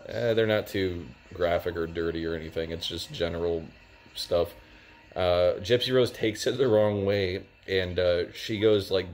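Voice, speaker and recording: A young man giving a casual spoken review of a TV series, rambling and filling gaps with "like" and "uh". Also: sits low. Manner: rambling, lots of "like" and "uh". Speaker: TV show reviewer.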